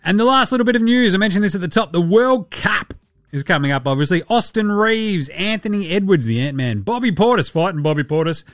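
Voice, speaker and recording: A man hosting a casual basketball podcast, animated and sweary with jokey asides. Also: high voice, fairly quick, no room sound, studio quality. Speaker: podcast host.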